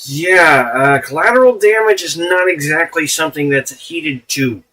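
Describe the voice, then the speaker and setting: A man's voice: a little high, moderate pace, pushed and bright, far from the mic, poor audio. Profane, laughing man streaming from afar. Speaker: live streamer. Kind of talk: casual live-stream commentary.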